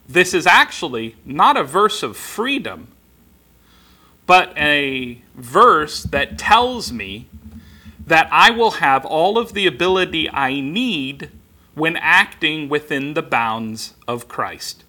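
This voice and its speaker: A man teaches from scripture at a very unhurried pace and unpacks word meanings step by step. His voice has a bright, forward edge. He pauses often and fills the gaps with ums as he works through each point. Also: on the high side, very animated. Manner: slow, deliberate explaining with frequent ums and restarts. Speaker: preacher. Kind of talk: expository Bible teaching.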